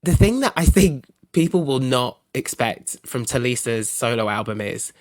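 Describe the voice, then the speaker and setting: A man's voice: medium pitch, very animated, normal speed, no echo. A man chatting as a podcast guest, gossipy and enthusiastic, joking as he talks. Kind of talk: casual podcast chat.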